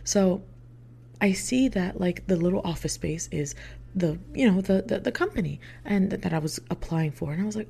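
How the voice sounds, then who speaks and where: Young adult woman, low-pitched and gravelly, chatty storyteller who swears and slips into whispered asides. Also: lively intonation, normal speed, a little hiss or hum. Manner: chatty, swears freely, heavy filler words; drops into hushed whispered asides. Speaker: vlogger. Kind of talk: casual storytime.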